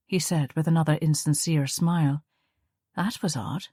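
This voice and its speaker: A woman narrating an audiobook in a steady, measured storytelling manner. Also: sits low, breathy edge, no echo, studio quality. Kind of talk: scripted narration.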